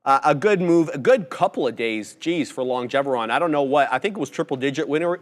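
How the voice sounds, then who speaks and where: Man calmly walking through stock charts. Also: medium pitch, fast talker. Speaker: co-host of a live trading show. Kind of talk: live market commentary.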